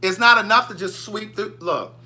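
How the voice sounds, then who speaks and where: High-voiced and moderately paced, this man with a Southern US accent keeps his livestream casual, gossiping animatedly and voicing viewer comments aloud.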